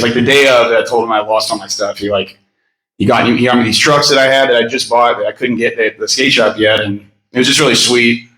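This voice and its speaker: Man at a memorial, rambling anecdotes, bright voice, echoey room. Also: medium pitch. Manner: rambling and storytelling, with laughter and many fillers. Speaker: eulogy speaker. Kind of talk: memorial speech with personal stories.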